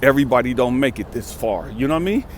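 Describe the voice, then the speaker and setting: A man's voice: mid-range voice, animated, quick pace, slight background noise. A man in his fifties from California, telling a blunt, profane story with emphatic repetition as a vlogger and life coach. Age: 50s. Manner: emphatic, street-talking, repeats for stress.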